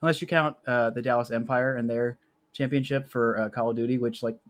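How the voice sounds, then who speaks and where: A man's voice: medium pitch, fairly even intonation, fairly quick, no echo. A young man hosting a podcast, chatting casually and self-deprecatingly about being a sports fan. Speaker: podcast host.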